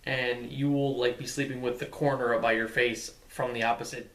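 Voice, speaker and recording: A man in his twenties answering questions in a relaxed, hesitant way, with short replies and frequent "um"s, during a casual couple vlog. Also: mid-range voice, normal speed, far from the mic. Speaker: vlog guest, husband. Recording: echoey room, away from the mic, faint hiss.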